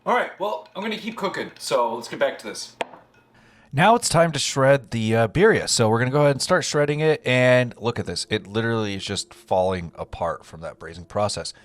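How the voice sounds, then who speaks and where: A young man hosting a home cooking video, walking through each step in a relaxed, chatty way. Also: mid-range voice, brisk. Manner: relaxed, step-by-step instructions with frequent "gonna go ahead". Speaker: home cook and channel host. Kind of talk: casual cooking walkthrough. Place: home kitchen.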